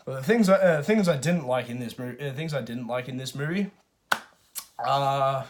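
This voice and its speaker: Male reviewer, mid pitch, loose chatty delivery, lots of false starts and filler, casual swearing. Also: normal speed, slight background noise. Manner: rambling, many restarts and fillers. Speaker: movie reviewer. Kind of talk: casual spoken film review.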